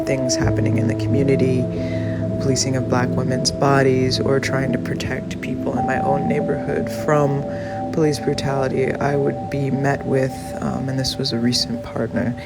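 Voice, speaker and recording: A man giving a personal testimony in an earnest, deliberate way. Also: medium pitch, monotone, gravelly. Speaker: anonymous contributor. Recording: loud music bed under voice.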